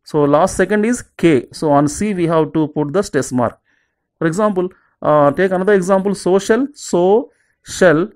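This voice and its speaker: A teacher talks a class through exam preparation at a middle pitch. The lesson moves in steady, repetitive drills, with each example word set apart slowly and lower before it is repeated. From southern India. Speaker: English teacher. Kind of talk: exam-prep grammar lesson.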